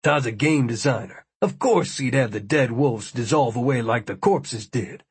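A man's voice: mid-range voice, expressive, moderate pace, breathy edge. A man voicing an easygoing young man who casually explains things.

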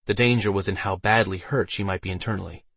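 A man narrating a fantasy audiobook with steady storytelling delivery. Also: sits low, quick pace, creaky, dry recording.

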